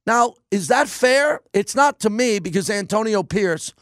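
A man's voice: sits high, animated, measured pace, no echo, studio quality. A man hosting a sports radio show, delivering an opinionated monologue in an emphatic style and repeating lines for punch. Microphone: studio microphone.

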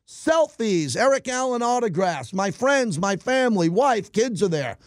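Fired-up high-voiced sports talk host. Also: male voice, unhurried, no echo, studio quality. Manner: animated, emphatic, ranting. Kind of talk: opinionated sports talk monologue.

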